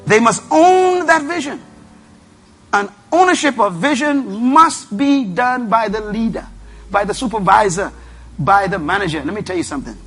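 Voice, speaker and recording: A man's voice: high voice, lively intonation, moderate pace, a bit bright, breathy edge. A man preaching a motivational sermon, emphatic and repetitive, who tells his audience what to write down. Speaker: preacher and leadership speaker.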